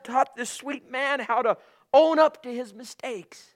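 A man preaching a sermon with passion, swinging from loud calls to hushed asides. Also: extremely high pitch, unhurried.

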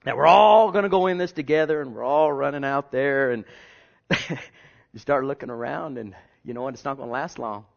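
A male pastor preaching a sermon in a conversational way, repeating himself and jumping from hushed asides to loud bursts. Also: mid-range voice, moderate pace, gravelly. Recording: dull lo-fi sermon recording.

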